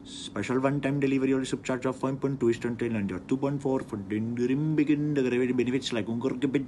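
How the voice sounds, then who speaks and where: A man playing a fast-talking bank call agent with an Indian accent, over-polite and spouting garbled jargon. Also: medium pitch, steady tone, dark tone, a little hiss or hum, lightly acted. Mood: eager pitch. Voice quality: rapid gibberish jargon, over-polite "sir" every line. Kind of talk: comedic phone prank skit.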